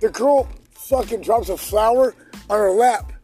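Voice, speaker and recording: A man's voice: high voice, unhurried, mellow, faint music behind. A man telling rowdy, profane stories in casual podcast banter.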